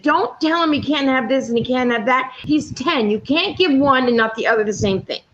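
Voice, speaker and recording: A woman's voice: high-pitched, animated, normal speed, fairly bright tone, slight background noise. A woman in her fifties chatting casually, telling blunt stories with plenty of swearing. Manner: blunt, profane storyteller. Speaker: panel speaker. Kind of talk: casual chat. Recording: dull lo-fi audio.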